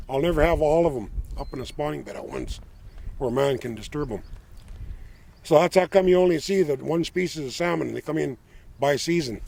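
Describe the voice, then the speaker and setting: Older man telling an old legend, gravelly. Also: a little high, a little mellow. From Lummi Nation, Pacific Northwest. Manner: unhurried, plain-spoken folk telling. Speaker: tribal elder and storyteller.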